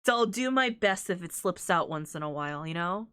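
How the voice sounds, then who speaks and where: A woman's voice: fairly low pitch, animated, a little fast, hardly any pauses, pushed and bright, clean tone. A woman streaming a visual novel, chatting casually and reading its lines aloud, laughing often between remarks.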